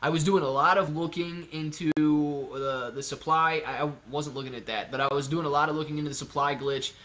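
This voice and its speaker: Excitable chatty man, higher voice. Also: brisk. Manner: chatty and excitable, thinks out loud. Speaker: livestream host answering chat. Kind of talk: casual live-stream chat.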